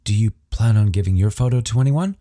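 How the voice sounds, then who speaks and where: A man voicing a quiet, earnest teenage boy who asks curious questions. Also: lowish voice, animated, fast, no room sound, clean studio sound, lightly acted.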